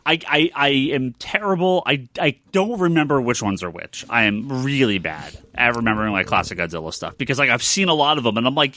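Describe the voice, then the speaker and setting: Bright, lively man reading listener questions. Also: medium pitch, brisk, hardly any pauses. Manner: laughing, rambling, stammering restarts. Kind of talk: casual chat.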